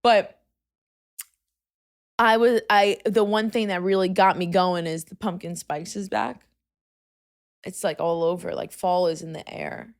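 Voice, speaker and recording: A young woman hosting a podcast, telling a story in casual chat, swinging from hushed asides to loud, exasperated outbursts and using "like" constantly. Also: lowish voice, fairly even intonation, measured pace, pauses often. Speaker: podcast host.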